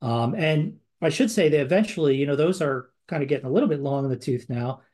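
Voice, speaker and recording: A man's voice: fairly high pitch, expressive, fast talker, darkish tone. A man co-hosting a podcast, talking in a casual conversational way with many fillers and restarts. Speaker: podcast co-host. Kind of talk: casual chat.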